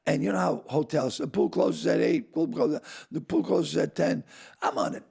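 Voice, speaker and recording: Gravelly, raspy older man spinning yarns. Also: a little high, moderate pace. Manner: animated raconteur who acts out quoted voices. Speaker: guest, actor and comedian. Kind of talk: casual storytelling chat.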